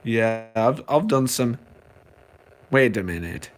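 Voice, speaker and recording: A young man, a balloon artist, chatting excitedly and jokingly with viewers on a live stream. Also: mid-range voice, slow pace, long pauses, slight background noise. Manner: excitable, joking, playful voices.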